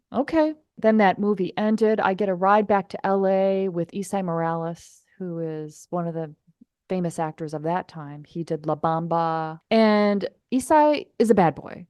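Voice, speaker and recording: Woman podcast host, casual storyteller, animated and chatty, mid-pitched voice, dry close sound. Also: no room sound. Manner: chatty, animated, many fillers.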